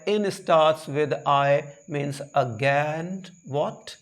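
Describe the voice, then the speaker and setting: A man teaching literature, explaining a poem line by line, repeating himself, correcting slips and posing rhetorical questions. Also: fairly high pitch.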